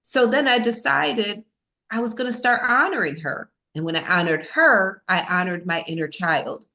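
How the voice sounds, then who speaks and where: A woman's voice: medium pitch, moderate pace, sharp tone. A woman as a podcast guest, telling a personal story in a candid, self-mocking way, with many fillers.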